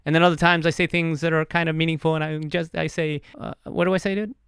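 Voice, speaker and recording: A man's voice: a little high, level tone, quick pace, a bit bright, clear, resonant tone, no echo, clean studio sound. A man hosting a casual podcast, rambling and joking at his own expense, swearing now and then. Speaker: podcast host. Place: streamed live on Twitch.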